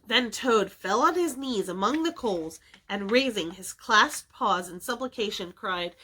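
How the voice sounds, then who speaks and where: A woman's voice: mid-range voice, a little slow, few pauses. A woman reading a classic children's story aloud expressively for a library. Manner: expressive, animated. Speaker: children's book reader.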